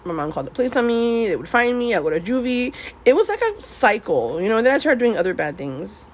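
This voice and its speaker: A woman's voice: fairly high pitch, sing-song, quick pace. A woman telling her life story in a casual vlog, rambling, laughing often, swearing and dropping in Spanish words. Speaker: vlogger. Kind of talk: casual storytelling while swatching paints.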